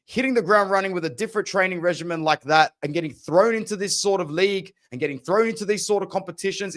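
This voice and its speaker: Fired-up young man ranting about football. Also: sits high. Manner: passionate, ranting, casual slang. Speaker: football podcast host. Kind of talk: opinionated sports talk.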